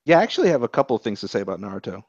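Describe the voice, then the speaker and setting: Animated rambling podcast guy, lo-fi sound. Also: fairly low pitch, rapid-fire, dry recording. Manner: animated, rambling, swears freely. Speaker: podcast co-host. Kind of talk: casual chat, reviewing anime episodes. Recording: dull lo-fi podcast audio.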